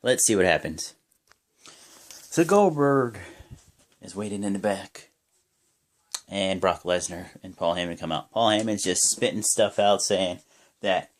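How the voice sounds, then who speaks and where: A man's voice: low voice, unhurried, pauses often. Young man rambling through a wrestling recap. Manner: rambling play-by-play, many fillers, bursts of excitement. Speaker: wrestling reaction vlogger. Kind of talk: casual recap of a wrestling show.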